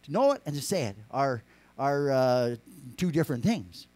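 A man preaching a sermon, rambling with many restarts, rising to emphatic lines and dropping to quiet asides. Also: mid-range voice, big pitch swings, normal speed, no echo. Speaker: pastor.

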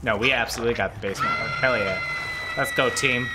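Excitable trash-talking gamer man. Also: mid-range voice, fast, background noise. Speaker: gaming video creator. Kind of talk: live gameplay commentary.

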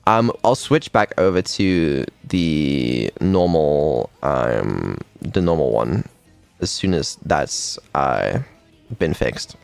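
A male streamer chatting casually in a halting, mumbling way with dry, swearing remarks. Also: a bass voice, big pitch swings, vocal fry, darkish tone, smooth, no room sound, soft background music. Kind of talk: casual chat.

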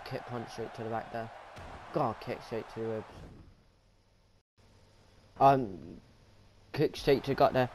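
A man giving excitable play-by-play commentary over his own wrestling video game, dropping to low mutters and then yelling at big moves. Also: a little hiss or hum. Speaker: YouTube gamer narrating his wrestling video game league.

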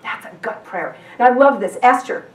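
A woman's voice: a little high, animated, normal speed, a little hiss or hum. Woman preaching in an echoey church. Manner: conversational, with frequent restarts and questions to the congregation. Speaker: guest pastor. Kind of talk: sermon. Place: church sanctuary. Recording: echoey church hall from far off.

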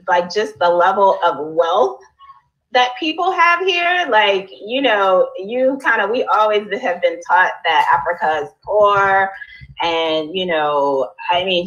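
A woman on a discussion panel, telling stories in an animated way and laughing as she goes. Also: lowish voice, lo-fi sound.

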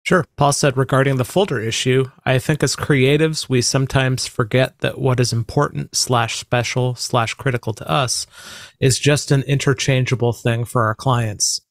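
A man's voice: mid-range voice, steady tone, moderate pace, no echo, clean studio sound. Man co-hosting a casual podcast. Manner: reads listener comments aloud, asks probing questions. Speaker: podcast co-host.

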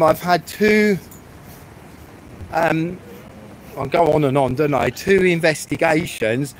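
A man live-streams from a public street, rambling through a blunt rant peppered with swearing. His voice is fairly high and slow, with frequent pauses and slight background noise.

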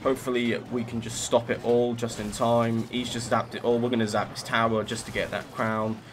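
Gameplay commentator, male, mid-pitched, chatty running play-by-play of his own match. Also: little pitch movement, brisk, noisy background. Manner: chatty, narrates each move, self-critical asides.

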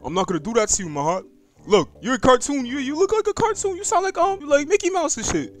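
Young male gaming YouTuber, high voice, excitable, slangy, yelps when spooked. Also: fast talker. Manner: excitable and slangy, jumps to yelps when startled, talks to game creatures. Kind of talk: casual gaming commentary.

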